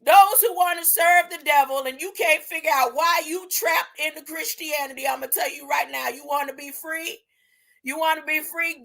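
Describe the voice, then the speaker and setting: A woman giving an impassioned spiritual monologue, drawing her words out and tagging her points with a rising "huh?". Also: high voice. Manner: drawn-out, deliberate phrasing with sudden loud bursts. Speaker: spiritual video preacher.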